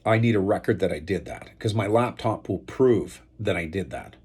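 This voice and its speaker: A man speaks to the camera in a husky, lowish voice, rambling and aggrieved. He piles up fillers and restarts, and his voice climbs when he gets angry. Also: normal speed. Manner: turns loud and high-pitched when outraged. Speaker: video blogger airing an estate dispute. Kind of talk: unscripted monologue to camera.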